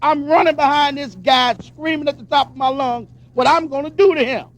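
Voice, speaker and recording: Man from Pennsylvania, very high voice, emphatic testimony speaker who acts out the dialogue. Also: fairly even intonation, fairly quick. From Pennsylvania, USA. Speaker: recovery convention speaker. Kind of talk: personal testimony speech.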